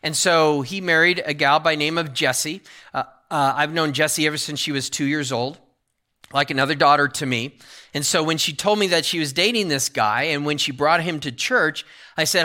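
Man preaching, middle-aged, earnest, repeats phrases, bright forceful tone, slightly high voice. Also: normal speed. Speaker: pastor. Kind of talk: sermon.

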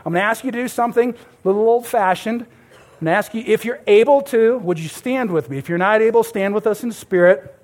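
High-voiced man preaching a storytelling sermon. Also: fairly quick, darkish tone. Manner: storytelling, addresses the crowd as beloved. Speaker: pastor. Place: church.

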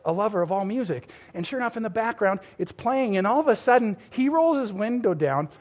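A man's voice: sits high, expressive, brisk, darkish tone. A middle-aged man preaching a sermon to a church congregation, telling a story and calling his listeners beloved. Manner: storytelling, addresses the crowd as beloved. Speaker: pastor.

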